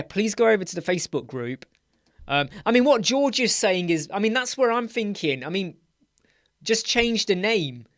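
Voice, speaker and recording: A man's voice: on the high side, a bit bright, dry recording, clean studio sound. A man hosting a live web design Q&A, chatting casually, rambling and laughing as he answers viewer questions. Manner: chatty, rambling, laughs often, puts on mocking voices.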